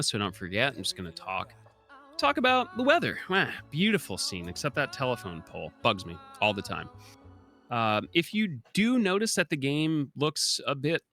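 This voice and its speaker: Young male speedrunner, lowish voice, lively and animated delivery, casual and explanatory. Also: normal speed, soft background music. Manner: chatty and explanatory, frequent filler ums. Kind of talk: live speedrun commentary.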